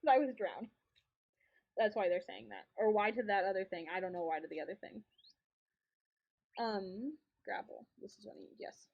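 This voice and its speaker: A woman's voice: mid-range voice, normal speed, creaky, long pauses, muffled recording. A young woman streaming a game and chatting casually, telling a story with frequent laughs and lots of repetition. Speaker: streamer and co-host. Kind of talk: casual storytelling while gaming.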